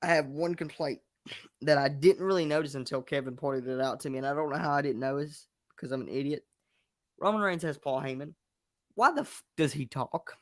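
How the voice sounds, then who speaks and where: A man's voice: fairly high pitch, brisk, dry recording, studio quality. A young man hosting a wrestling review show, speaking frankly and with blunt emphasis as he vents and shares opinions. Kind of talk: casual chat.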